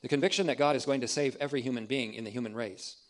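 A man teaching a theological sermon, deliberate and emphatic, repeating key phrases for emphasis. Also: medium pitch. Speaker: preacher.

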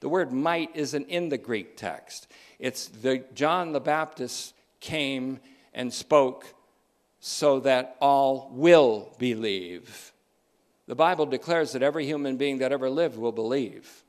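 With a mid-range voice, a man gives a forceful sermon, circling back to key phrases again and again while his tempo slows and quickens.

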